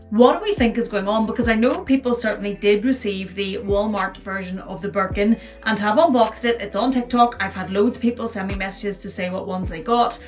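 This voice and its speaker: A woman vlogger in casual commentary, chatty and questioning. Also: mid-range voice. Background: faint music.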